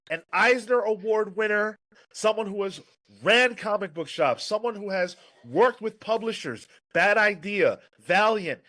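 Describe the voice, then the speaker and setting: A man hosting an interview show, opening with an energetic, emphatic build-up to introduce his guest. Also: sits high. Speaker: show host. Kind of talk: scripted show opener.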